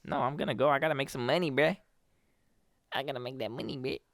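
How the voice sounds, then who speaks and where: A man co-hosting a podcast, talking in a relaxed, slangy way and calling his friend "bro". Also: medium pitch, fast talker, no echo, clean studio sound. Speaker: podcast co-host. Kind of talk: casual podcast chat.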